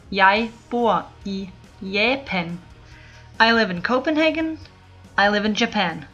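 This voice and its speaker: Bright-voiced Danish woman teaching phrases. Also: medium pitch, dull audio. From Denmark. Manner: clear, slow model pronunciation with repeated phrases. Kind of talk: scripted language lesson.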